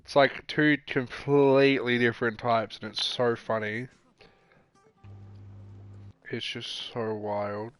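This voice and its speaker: A man's voice: mid-range voice, flat delivery, takes it slowly, pauses often, fairly bright tone, clean tone, soft background music. A man streaming a game live, chatting casually and rambling, with heavy swearing. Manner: crude, rambling, swears a lot.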